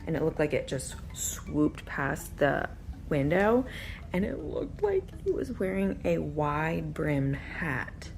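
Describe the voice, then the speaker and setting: A woman with a low, gravelly voice retells a scary experience, tense and unsettled. A faint hiss of noise sits under her words. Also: sing-song, takes it slowly, darkish tone. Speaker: storyteller in a clip. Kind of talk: casual storytelling.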